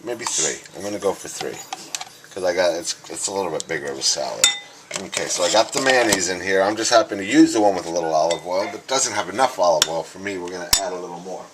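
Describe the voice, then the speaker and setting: Chatty low-voiced man cooking in a kitchen. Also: quick pace. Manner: chatty, talks to viewers as "guys" while working, with frequent restarts. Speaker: home cooking host. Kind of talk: casual cooking demonstration. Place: home kitchen. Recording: noisy kitchen clatter. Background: clattering dishes, cutlery and stirring.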